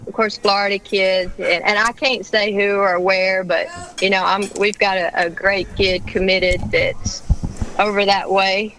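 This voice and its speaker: A woman's voice: mid-range voice, level tone, unhurried, a bit bright, a little hiss or hum, poor audio. A middle-aged woman basketball coach with a Southern accent, chatting and laughing as a radio guest.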